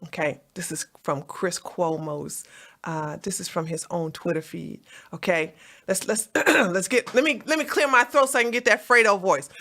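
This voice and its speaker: A woman hosting an online commentary show, talking in a profane, laughing, animated way. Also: mid-range voice, a little slow. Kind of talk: casual mocking commentary.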